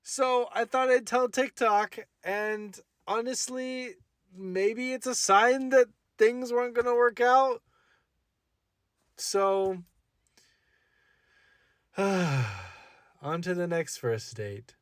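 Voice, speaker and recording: Slow-talking young man telling a story. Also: high-pitched, dry recording. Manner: animated, self-mocking retelling. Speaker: content creator. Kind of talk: storytelling to camera.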